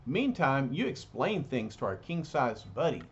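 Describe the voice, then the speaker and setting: A man's voice: medium pitch, big pitch swings, measured pace, slight background noise. A man voicing a matter-of-fact armored male hero, in a dull lo-fi recording.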